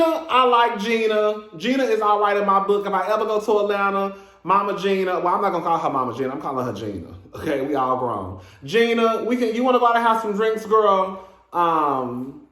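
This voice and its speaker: A man's voice: fairly high pitch, roomy sound. A man giving a sassy, gossipy review of a reality show episode, with lots of laughing asides. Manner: sassy and animated, with frequent laughs and "girl". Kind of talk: casual gossipy commentary.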